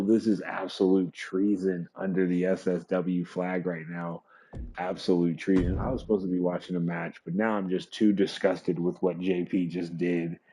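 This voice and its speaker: A man's voice: deep voice, dark tone, breathy edge. A man hosting a livestream and commenting casually, rambling with lots of fillers, swearing and chuckling. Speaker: streamer and show host.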